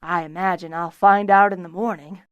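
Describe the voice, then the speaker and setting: A man's voice: sits high, steady tone, moderate pace, clean tone, no echo, phone-quality sound, natural voice. Genial host craftsman, voiced by a woman. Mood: jovial. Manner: pleasant, teasing, gently coaxing.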